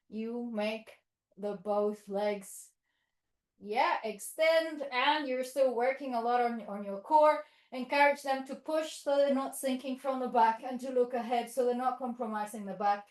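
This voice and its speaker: A woman's voice: on the high side, measured pace, darkish tone, reverberant, rough recording. A woman teaching yoga teachers, cueing poses with encouragement and playful animal sounds for children. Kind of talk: instructional yoga demonstration.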